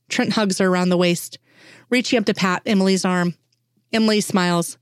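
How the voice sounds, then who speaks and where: A woman reads a story aloud in a steady, unhurried way. Her voice sits a little low. The recording is dry, with no room echo. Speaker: reader. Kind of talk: reading fan fiction aloud.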